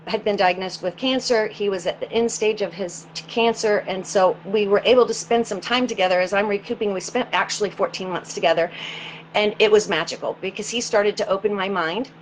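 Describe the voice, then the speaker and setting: Woman telling her own story in an interview, earnest and halting, mid-pitched voice, soft hiss behind. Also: fairly even intonation, rough recording. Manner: earnest, halting, repeats words as she recalls. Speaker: interview guest. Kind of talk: personal storytelling in a conversational interview.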